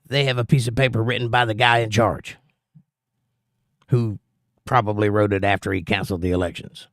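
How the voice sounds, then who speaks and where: A man's voice: lowish voice, fairly even intonation, brisk, fairly bright tone, no echo, clean studio sound. A man hosting a casual livestream, reading viewers' chat comments aloud and arguing back at them.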